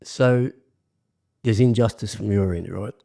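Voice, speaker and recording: A man hosts a podcast in a low, mellow voice. He asks his questions in a relaxed, conversational way and swears casually as he goes. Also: a little slow, vocal fry. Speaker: podcast host.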